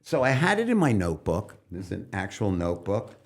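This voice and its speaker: A middle-aged man from New York City, a stand-up comedian and coach, talking loosely as a podcast guest and breaking into loud comic bits mid-thought. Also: low-pitched, wildly swooping pitch, fairly quick. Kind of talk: loose conversational interview talk.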